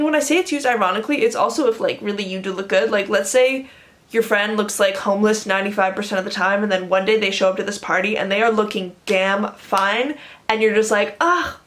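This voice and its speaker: A woman's voice: medium pitch, quick pace, a bit bright. Young woman, North American accent, enthusiastic, emphatic, casual vlog explainer. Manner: enthusiastic, emphatic, lots of fillers. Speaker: language vlogger.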